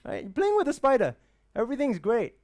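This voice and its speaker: With an extremely high pitch, huge swings, and a darkish tone, this motivational speaker moves at a brisk clip. He addresses a live audience in an event room, asking rhetorical questions and saying "right?" over and over.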